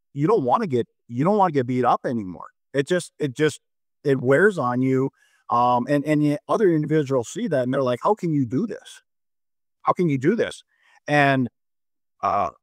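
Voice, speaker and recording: A middle-aged mayor, a man from North Dakota, talks through a casual discussion in a voice of medium pitch. He stumbles and repeats words as he tells a story. The sound is dry and close. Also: no room sound. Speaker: mayor, guest.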